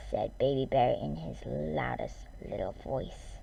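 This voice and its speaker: Slow, gravelly woman storyteller. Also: rumbling low, highs cut off. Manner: expressive, drawn-out reading. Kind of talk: storybook read-aloud.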